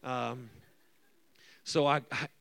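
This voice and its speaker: A male pastor telling a personal story in his sermon, animated and conversational, acting out quotes. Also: medium pitch, drawn-out words, gravelly, no echo.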